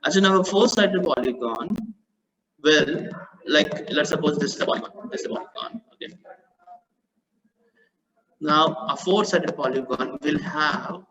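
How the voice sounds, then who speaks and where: A man's voice: a little high, moderate pace, pauses often, fairly bright tone. A man teaches maths in a live online class. He repeats his phrases, corrects himself as he goes and praises his students. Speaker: maths tutor. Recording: dull lo-fi online call audio.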